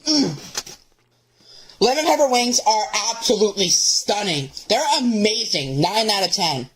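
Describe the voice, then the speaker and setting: A food reviewer in a vlog clip, upbeat and giving quick ratings out of ten. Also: female voice, medium pitch, animated. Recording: noisy clip with background ambience.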